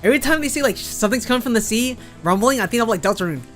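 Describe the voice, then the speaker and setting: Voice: medium pitch, lively intonation, rapid-fire, fairly bright tone. A game streamer chatting loosely while playing, breaking into giggly, self-mocking asides between read lines. The voice swings up and down freely. Faint game music plays underneath. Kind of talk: casual live-stream chat while reading game dialogue.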